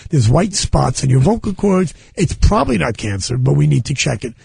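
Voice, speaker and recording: A middle-aged man with a rough, gravelly, husky voice that sounds calloused from years of yelling. He talks quickly and high, rambling and restarting as he jokes around. The sound is close and dry. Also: sing-song, no room sound. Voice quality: gravelly, worn voice. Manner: fast, rambling, self-interrupting. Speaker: comedian guest. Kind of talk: casual radio banter.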